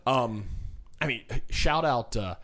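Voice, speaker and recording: A man's voice: mid-range voice, lively intonation, slow, fairly bright tone. A man co-hosting a casual sports podcast, talking in a loose, joking, rambling way with lots of fillers. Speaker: podcast co-host.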